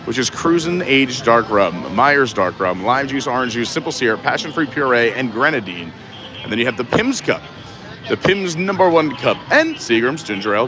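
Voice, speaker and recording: A man live-streaming a walk through a theme park festival, chatting casually and reading menu boards aloud. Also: medium pitch. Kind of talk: casual walking commentary.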